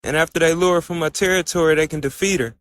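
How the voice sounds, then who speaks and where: A man's voice: a little high, fast talker, fairly bright tone, no room sound. Man casually retelling a story. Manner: retells scenes with running "and so" and "she says". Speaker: anime recap reviewer.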